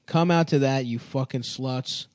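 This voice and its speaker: A man's voice: medium pitch, unhurried, darkish tone, dry recording, clean studio sound. Crude, joking male podcast host. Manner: crude, joking, rattles off tour dates. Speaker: podcast host and touring comedian. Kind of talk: casual comedy podcast banter.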